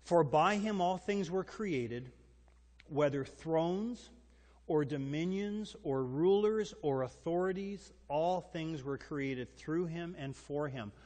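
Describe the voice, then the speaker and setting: Animated preaching man in a reverberant hall. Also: a little high, slow. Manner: animated, emphatic preaching with rhetorical questions. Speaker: pastor. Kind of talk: sermon.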